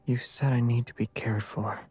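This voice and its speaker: A man's voice: medium pitch, level tone, normal speed, a little mellow, faint music behind, close to an everyday voice. A man voicing a feverish, clingy young man in a game, in whispered role-play. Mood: pleading. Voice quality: breathy whisper.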